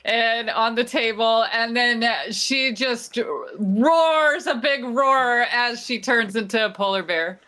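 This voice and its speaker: A woman's voice: fairly high pitch, takes it slowly, few pauses, bright, forceful tone. A woman playing a tabletop game, playful and scolding in character. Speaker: player.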